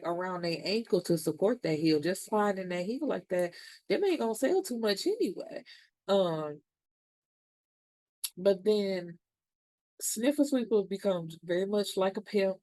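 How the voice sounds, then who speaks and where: A woman's voice: fairly low pitch, a little mellow, dry recording. A woman casually recapping a TV episode, retelling scenes in quotes with blunt, cursing asides. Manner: chatty, retells scenes in quotes, curses freely. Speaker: TV show reviewer.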